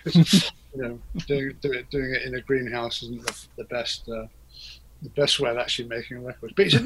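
A man's voice: medium pitch, steady tone, a little fast, fairly bright tone, slight background noise, poor audio. A man, a guest in a casual interview, talking in a rambling, hesitant way with many fillers and restarts. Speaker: interview guest, record producer.

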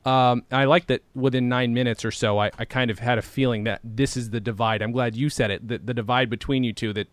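A man with a mid-range voice hosts a relaxed interview chat and responds with enthusiasm and frequent laughter. His voice sounds dry and close, with no room echo. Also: medium pitch, brisk, few pauses. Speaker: podcast host.

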